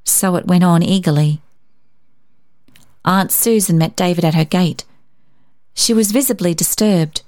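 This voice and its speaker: A woman narrating a storybook in a gentle, measured, expressive manner. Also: lowish voice, no room sound, studio quality. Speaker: story reader.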